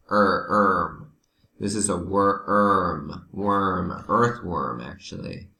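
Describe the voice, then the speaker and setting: A man with a low, gravelly voice walks learners through vocabulary at an unhurried pace, switching into Spanish to help them along. He sounds patient. The sound is roomy, with some echo. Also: sharp tone. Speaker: teacher. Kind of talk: remote vocabulary lesson.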